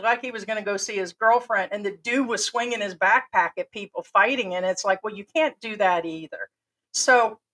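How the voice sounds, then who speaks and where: A woman's voice: mid-range voice, bright, forceful tone, poor audio. An American woman giving blunt, profane, rambling commentary as an expat vlogger. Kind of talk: casual vlog commentary.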